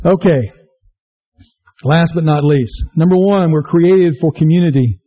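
A man preaching an earnest sermon, repeating himself and asking the congregation questions. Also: a little slow. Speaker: pastor. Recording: slightly dull low-fidelity recording.

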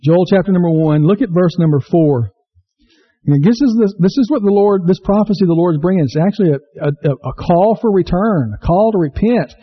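Male pastor, sermon, higher pitch, earnest, rhetorical questions, slightly dull recording. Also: fairly quick.

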